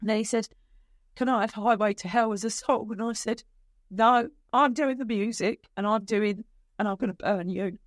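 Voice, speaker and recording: A middle-aged woman, a guest on a podcast, telling her story emotionally, with halting restarts. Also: medium pitch, fairly even intonation, no room sound, studio quality. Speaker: guest, bereaved mother. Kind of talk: podcast conversation.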